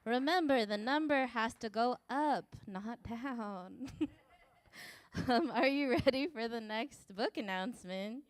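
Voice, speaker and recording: A woman's voice: a little high, slow pace, no echo. A woman hosting a live event from the stage, playful and theatrical, introducing books and performers.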